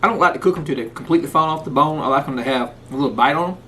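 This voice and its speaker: Folksy man with a higher voice. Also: racing, pushed and bright, slight background noise. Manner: folksy, talks with food in his mouth. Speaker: cooking channel host. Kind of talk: casual cooking vlog. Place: outdoors in the rain, then indoors.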